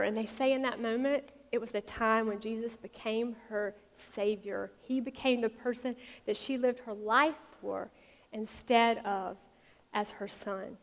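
A woman who is a mother, giving a conversational, lively sermon and acting out quotes. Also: on the high side, a little slow. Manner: conversational, animated, acts out quotes, soft for tender parts. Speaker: speaker at a women's or church talk. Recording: long reverb of a large hall.

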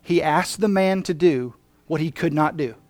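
A male pastor preaching a passionate sermon, moving between emphatic lines and quiet ones. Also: fairly high pitch, moderate pace, dry recording, studio quality.

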